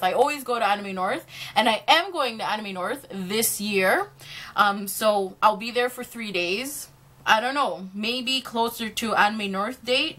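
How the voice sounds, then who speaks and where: A woman's voice: a little high, bright, forceful tone. A young woman answering fan questions in a casual vlog, chatty and self-deprecating, often breaking into laughter.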